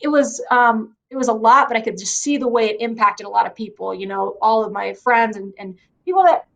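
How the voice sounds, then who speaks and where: Casting note: young adult woman, interview guest, soft and halting, lots of "like" and "you know". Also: on the high side, gravelly, highs cut off. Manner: soft-spoken, heavy use of fillers like "like" and "you know". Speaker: guest wrestler. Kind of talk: emotional interview conversation.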